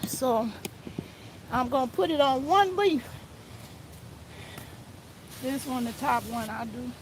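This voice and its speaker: Woman, high voice, casual gardening vlog, outdoors, phone mic, faint background noise. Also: takes it slowly. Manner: chatty, talks to viewers as "y'all" while spraying plants. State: slightly out of breath. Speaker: gardening vlogger. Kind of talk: casual narration while gardening.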